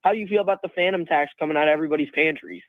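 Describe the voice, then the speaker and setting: A man's voice: fairly high pitch, racing, dry recording. A young man calling in to a talk show, hesitant and defensive. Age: young adult. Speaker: caller. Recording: tinny phone line.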